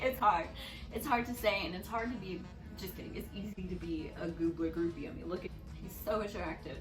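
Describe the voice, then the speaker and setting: A woman's voice: fairly quick, far from the mic. Chatty young woman telling a story in an echoey room. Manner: animated, swears freely, jumps into loud squeaky quoted voices. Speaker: vlogger. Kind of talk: storytime vlog, casual and expressive. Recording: echoey room, a little off-mic, music underneath.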